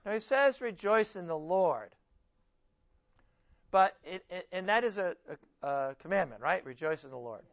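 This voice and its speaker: A man's voice: high-pitched, lively intonation, moderate pace, lo-fi sound. A man preaching a conversational sermon, casually explaining scripture and correcting himself as he goes. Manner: informal, self-correcting, reads scripture aloud with emphasis. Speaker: pastor teaching a Bible study.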